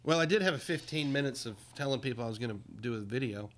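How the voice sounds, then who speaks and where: A man hosting a livestream, talking casually with indignant, emphatic commentary that swings up and down in pitch. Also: animated, quick pace. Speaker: livestream host.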